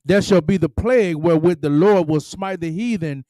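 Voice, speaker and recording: A man reading scripture aloud in a steady, deliberate way. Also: a little high, dry recording. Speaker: scripture reader.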